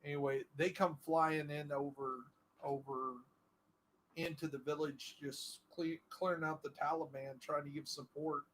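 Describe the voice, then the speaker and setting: A man's voice: a little high, little pitch movement, measured pace, a bit bright, slight background noise, low-quality recording. A middle-aged man chatting casually while playing a game, telling a long story with many fillers and restarts. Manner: rambling, full of fillers and restarts. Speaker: gaming streamer.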